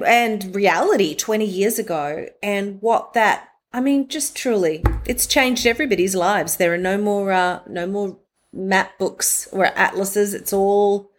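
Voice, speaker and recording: Aussie woman in her 40s, guest on a podcast, animated storyteller, mid-pitched voice. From Australia. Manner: animated storytelling, acts out quoted friends. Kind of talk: conversational interview.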